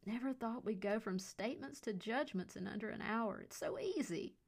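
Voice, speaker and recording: A man's voice: high voice, lively intonation, moderate pace, vocal fry, voice pushed up, full character voice. A woman voicing a smug male police officer who reads out fines in a glib, mockingly polite way.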